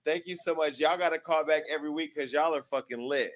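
A man's voice: fairly high pitch, fast talker. A man hosting a live call-in show, brash and joking, talking to callers bluntly. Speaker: host.

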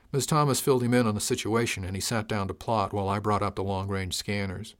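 Brief: man, fairly low voice, wry first-person audiobook narration. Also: fairly quick.

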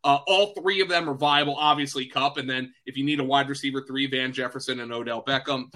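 A man's voice: mid-range voice, fairly even intonation, fairly quick, bright, forceful tone. A man talking fantasy football in a casual podcast chat, chatty and self-deprecating, with lots of fillers and restarts.

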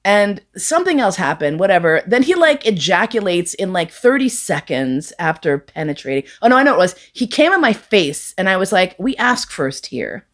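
A woman telling a bawdy story live, with frank profanity and lively acted-out dialogue. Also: medium pitch, brisk, few pauses. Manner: profane, animated, acts out quoted voices. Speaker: storyteller guest.

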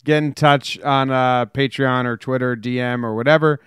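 Smooth-voiced man co-hosting a podcast. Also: mid-range voice, steady tone, fairly bright tone, no echo, clean studio sound. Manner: quick, joking, reads listener messages. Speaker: podcast co-host. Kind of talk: casual sports podcast chat.

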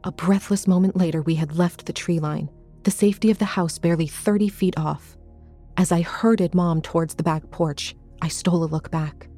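A woman with a low, mellow voice reads a first-person horror story at a measured, suspenseful pace. Faint music plays softly behind her narration. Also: fairly even intonation.

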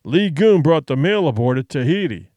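A man voicing a hoarse, drunken ship captain who snarls his accusations in an agitated, resentful way. He sounds like a character read aloud from an audiobook. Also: fairly high pitch, big pitch swings, normal speed, a little mellow, no echo.

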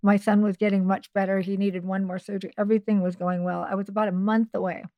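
A woman's voice: medium pitch, level tone, quick pace, dry recording, dull audio. Chatty woman telling a long story. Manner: chatty, with frequent restarts and asides. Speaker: podcast guest. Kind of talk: casual storytelling.

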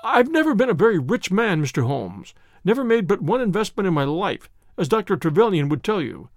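A man's voice: big pitch swings, brisk, no room sound, clean studio sound. A man voicing a fat, frightened middle-aged man with a reedy, quivering, nervous voice. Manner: nervous, pleading, high-strung.

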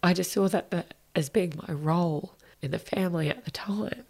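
In frank interview talk on a podcast, a woman in her thirties gets emotional and confessional, swearing now and then and slipping into a whisper. She speaks at a moderate pace in a lowish voice that's a little mellow and slightly rough, with vocal fry.

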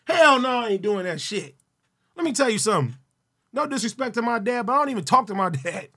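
A man hosting a solo livestream, talking loud and profane with frequent laughter. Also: high-pitched, big pitch swings, a little fast, husky. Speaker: livestream host. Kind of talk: casual solo livestream chat.

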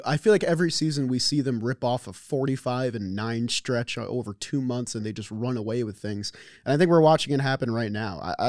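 A man's voice: mid-range voice, a little mellow, no echo, clean studio sound. A man filling in as co-host on a sports talk show, giving long analytical takes with some stumbles. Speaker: guest co-host.

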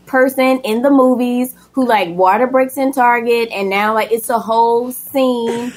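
A young woman telling a personal story in a casual, chatty way, often acting out what people said. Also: a little slow. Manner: chatty and animated, acts out quoted lines in a high voice. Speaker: guest telling her birth story.

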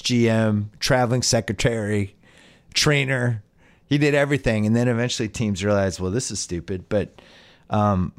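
A man hosting a casual sports podcast, reading out listener questions and giving wry, opinionated answers. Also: medium pitch. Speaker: podcast host.

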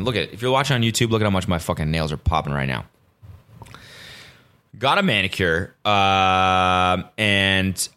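A man's voice: low voice, pushed and bright. A man hosting a solo podcast, rambling casually and swearing freely as he tells stories. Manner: profane, rambling, self-mocking. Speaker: podcast host.

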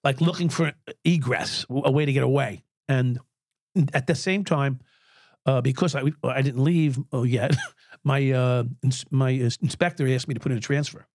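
A man's voice: medium pitch, normal speed, darkish tone, no room sound, clean studio sound. A man in his sixties, a former police officer and podcast guest, telling candid stories bluntly, swearing freely and chuckling as he talks. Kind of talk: candid conversational storytelling. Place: podcast studio.

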